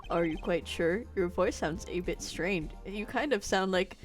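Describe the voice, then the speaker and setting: A woman voicing a goofy elderly male judge in a lowered, slow voice. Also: soft background music, close to an everyday voice. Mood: puzzled. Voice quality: goofy, low.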